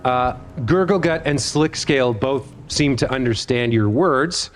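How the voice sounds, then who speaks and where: A man's voice: mid-range voice, faint music behind. Casual man running a tabletop game. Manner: casual, halting, many fillers. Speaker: game master.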